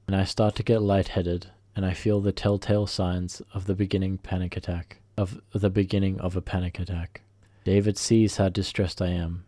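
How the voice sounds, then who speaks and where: A man reads a first-person revenge story aloud, stumbling over words and restarting phrases as he goes. His voice sits low and mellow, recorded close and dry with no room echo. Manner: halting, self-correcting reading. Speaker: story narrator.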